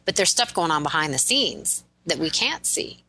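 Bright-voiced female radio guest. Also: low voice, big pitch swings, moderate pace, husky, low-quality recording. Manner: enthusiastic, affirming, explanatory. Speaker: guest, relationship and prosperity expert. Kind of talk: casual radio interview.

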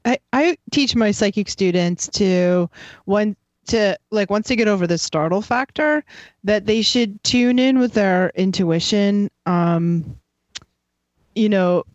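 A woman's voice: medium pitch, slow, darkish tone, dry recording. Chatty rambling woman, psychic teacher. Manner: chatty, rambling, many fillers and restarts. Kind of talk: casual conversation. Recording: dry, slightly dull sound.

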